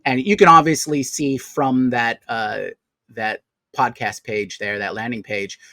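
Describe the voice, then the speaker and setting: A man's voice: medium pitch, fairly even intonation, measured pace, pushed and bright, no room sound, rough recording. A man co-hosting a casual chat show, thinking aloud with many fillers and restarts. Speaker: co-host.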